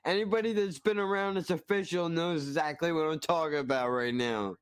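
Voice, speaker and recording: A man's voice: fairly high pitch, a little fast, smooth, dry recording, clean studio sound. A man hosting a stream, reacting to a cooking video with profane, mock-outraged ranting. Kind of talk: casual reaction commentary.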